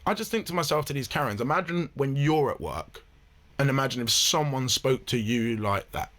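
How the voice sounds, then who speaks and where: A man hosting a reaction video, giving blunt, animated, swear-filled casual commentary. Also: mid-range voice, moderate pace.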